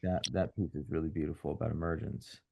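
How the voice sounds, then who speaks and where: A man in a casual group video call, rambling and halting, filling his talk with "like". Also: very deep voice, fairly even intonation, vocal fry, darkish tone, slight background noise. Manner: rambling, halting, full of "like" fillers. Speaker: seminar participant.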